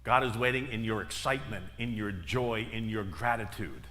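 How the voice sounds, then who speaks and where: A man's voice: lowish voice, normal speed, pushed and bright. Middle-aged male minister in a reverberant hall. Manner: storytelling with emphatic repetitions. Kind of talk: sermon. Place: church sanctuary.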